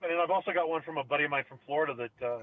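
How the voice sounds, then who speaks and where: Man, middle-aged, casual storytelling, rambling with fillers, slightly high voice, dry, phone-like sound. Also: racing, no room sound. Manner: rambling, many fillers and restarts. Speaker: podcast co-host.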